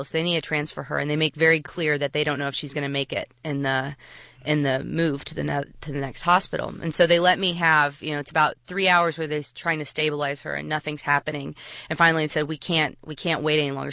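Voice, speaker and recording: A woman telling a personal story to an audience, halting, with frequent restarts. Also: deep voice, sharp tone, no room sound.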